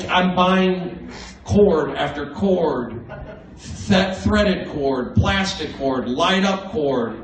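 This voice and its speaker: A man doing a stand-up comedy set in a comedy club, with a manic, erratic delivery that breaks into sudden loud outbursts. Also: sits high. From American Southwest. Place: comedy club main room. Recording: roomy, distant livestream audio with crowd laughter.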